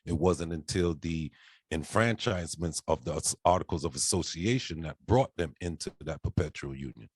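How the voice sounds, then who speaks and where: Deep-voiced man reading aloud, dry sound. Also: normal speed, slightly rough, no room sound. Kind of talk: reading a treaty aloud in discussion.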